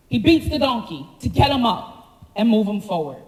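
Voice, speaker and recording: A woman preaching a sermon, telling the story with animated slangy asides to the congregation. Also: a little high, normal speed, reverberant, long reverb tail, rough recording. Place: church sanctuary.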